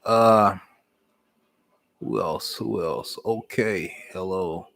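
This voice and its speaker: Folksy low-voiced man hosting a live Q&A. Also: very slow, creaky. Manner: folksy, storytelling, warm Southern American speech with "y'all". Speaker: host of a live Q&A stream. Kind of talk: casual live-stream chat, reading viewer comments.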